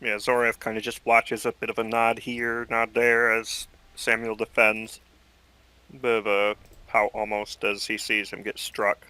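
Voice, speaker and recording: A man playing in a tabletop game, quietly describing his character watching the action. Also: lowish voice, monotone, measured pace, slight background noise, rough recording. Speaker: player.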